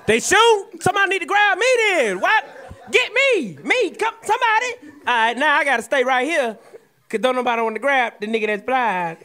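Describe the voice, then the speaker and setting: A man with a Southern US accent, co-hosting a comedy podcast and riffing loudly, often shouting and laughing as he tells stories. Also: extremely high pitch, measured pace. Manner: loud animated storytelling, often shouting and laughing. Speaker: podcast co-host.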